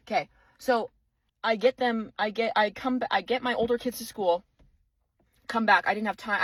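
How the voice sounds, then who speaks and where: Furious, profane young mom ranting. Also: female voice, medium pitch, fairly bright tone, no room sound, low-quality recording. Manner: profane, exasperated ranting with repeated outbursts. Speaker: single mother of five. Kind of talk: angry vlog rant.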